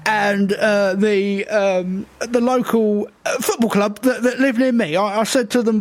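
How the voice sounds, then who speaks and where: A man telling an absurd story in a deadpan, rambling way, full of hesitations and fillers. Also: high-pitched, unhurried, few pauses, no room sound. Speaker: improvised comedy guest. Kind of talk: deadpan improvised comedy character.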